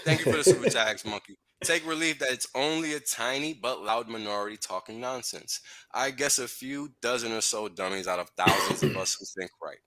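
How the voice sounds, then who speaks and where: A man's voice: mid-range voice, brisk, bright, forceful tone. A man hosting a livestream, ranting profanely and heatedly with frequent laughs. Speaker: podcast host.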